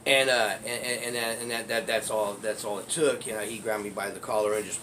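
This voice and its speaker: A man's voice: medium pitch, huge pitch swings, normal speed, crowd noise. A man telling a personal street story in a rambling, profane way, laughing often as he talks. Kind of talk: casual storytelling.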